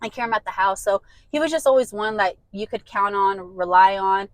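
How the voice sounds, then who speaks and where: A woman in her thirties being interviewed, speaking haltingly with many fillers and an emotional tone. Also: medium pitch, dry recording, rough recording. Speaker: interview guest. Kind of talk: casual interview.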